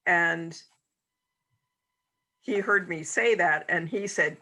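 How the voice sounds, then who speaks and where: A woman co-hosting a podcast, an animated storyteller who often restarts her words. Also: fairly low pitch, slow, a little hiss or hum, rough recording. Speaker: podcast co-host. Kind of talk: conversational podcast talk.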